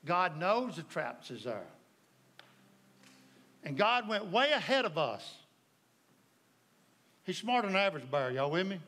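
A man's voice: high-pitched, sing-song, measured pace, pauses often, pushed and bright. A man with a Southern US accent preaching a sermon as pastor, folksy and storytelling, often asking the congregation if they follow.

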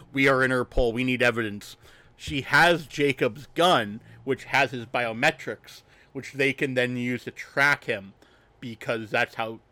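A man's voice: mid-range voice, sharp tone, no echo. A man co-hosting a podcast stream, recapping a film in a rambling, jokey way with many fillers. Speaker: podcast co-host. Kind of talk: casual movie recap chat.

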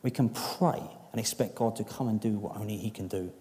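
A man preaching a sermon, earnest and emphatic at times, then dropping to quiet, intimate appeals. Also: fairly low pitch, brisk. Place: church hall. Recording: long reverb of a hall.

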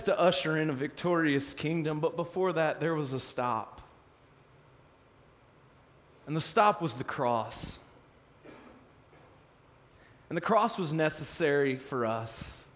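A male pastor preaching, telling the story with animated, self-mocking humor. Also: fairly high pitch, big-room sound. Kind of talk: sermon.

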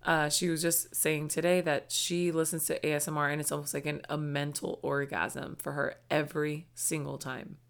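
A woman's voice: low-pitched, level tone. A woman co-hosting a podcast, chatting casually, asking questions and chiming in. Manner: chatty, asks questions, quick interjections. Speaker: podcast co-host. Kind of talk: casual chat.

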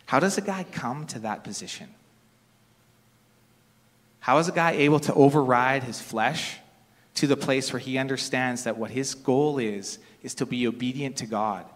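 A middle-aged man preaches in a relaxed, storytelling manner, backing up and restarting phrases the way people do in everyday talk. His voice sits at an ordinary male pitch. A long reverb trails after him, as in a large church sanctuary. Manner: conversational, storytelling with casual restarts. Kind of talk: sermon.

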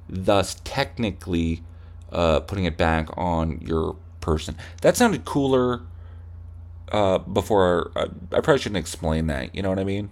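A young man hosting a comedy podcast rants profanely, acting out heated arguments with himself. His voice is deep and a little mellow.

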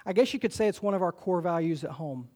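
Pastor preaching with a high voice. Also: male voice, lively intonation, a little mellow. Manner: emphatic preacher, slows for quoted scripture, speeds up for exhortations. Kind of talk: sermon.

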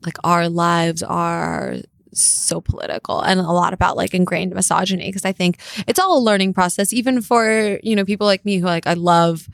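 A woman's voice: lowish voice, steady tone, moderate pace, vocal fry, no echo, clean studio sound. A young woman guest on a podcast, talking casually with a valley-girl sound and lots of "like". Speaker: podcast guest, political host. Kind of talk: casual interview chat.

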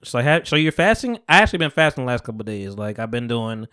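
A man's voice: mid-range voice, fast talker, clear, resonant tone, no echo, studio quality. A young man hosting a podcast, telling a story in casual chat and acting out the people in it. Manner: animated storyteller acting out quotes. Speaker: podcast host.

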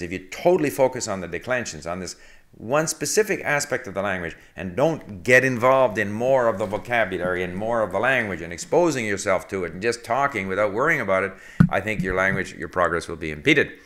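Bright-voiced man giving a rambling lesson. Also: fairly low pitch, expressive. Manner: rambling and conversational, with frequent fillers and self-corrections; reads foreign passages slowly and translates word by word. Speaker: language learning video host. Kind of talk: casual spoken lesson.

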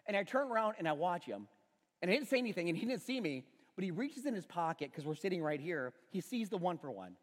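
A middle-aged male pastor with a high voice preaches in a church auditorium, the sound big and roomy. He tells a story about his son with self-deprecating humor.

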